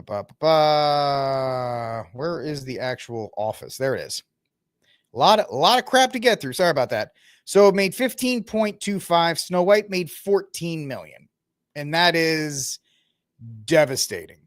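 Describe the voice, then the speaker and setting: A man's voice: medium pitch, clear, resonant tone, no room sound, clean studio sound. A man hosting his own podcast, chatting casually and rambling through sports and movie talk while he looks things up. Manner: chatty, rambling, talks to the audience while browsing the web. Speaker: podcast host. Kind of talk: casual solo commentary.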